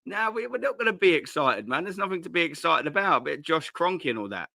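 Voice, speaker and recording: A man's voice: on the high side, sing-song, fast, creaky, bright, forceful tone, dry recording, studio quality. A man hosting a casual live stream from home, rambling and swearing with lots of slang into a cheap desk mic at his laptop. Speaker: host.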